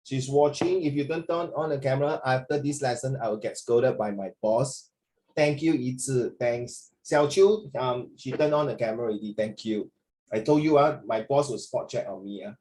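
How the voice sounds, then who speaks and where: A man's voice: mid-range voice, normal speed, darkish tone, low-quality recording. A man teaching an online lesson over a video call, playful and teasing as he corrects a student and calls him "my dear".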